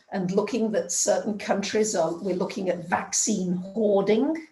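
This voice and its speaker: Woman astrologer, chatty storyteller, medium pitch, echoey room. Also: a little mellow. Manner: chatty storytelling, acts out dialogue. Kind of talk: casual spoken astrology talk.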